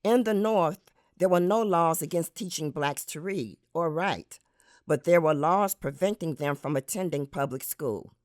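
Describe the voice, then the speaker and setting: Woman, low voice, author reading aloud, measured, deliberate, dry close mic. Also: dry recording. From United States. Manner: measured, deliberate delivery with demonstrated pronunciations. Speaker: author and former school administrator. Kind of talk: reading from her book aloud.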